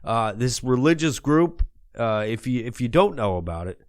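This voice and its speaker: A man hosts a comedy show in character, ranting in a profane, rambling way. His voice sits at an ordinary middle pitch, swinging between loud bursts and low mutters. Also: very animated, normal speed. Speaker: comedy podcast host in character.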